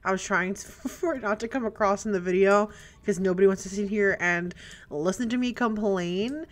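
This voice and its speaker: A young woman giving let's play commentary, chatty and prone to excited squeals and gasps. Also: medium pitch, normal speed. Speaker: gaming YouTuber. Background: faint game music.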